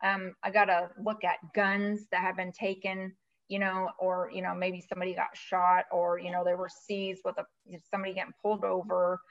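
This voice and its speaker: A woman guest speaking as a financial advisor, telling a long story in a chatty, animated way with many fillers. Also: fairly low pitch, normal speed, highs cut off. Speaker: guest, virtual CFO. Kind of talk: casual storytelling interview.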